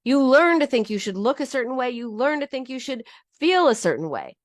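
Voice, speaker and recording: A woman's voice: high voice, sing-song, fairly quick, dry recording, studio quality. A middle-aged woman teaching about binge eating in a heartfelt personal talk, often restarting her sentences. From United States. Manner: earnest and heartfelt, with frequent restarts.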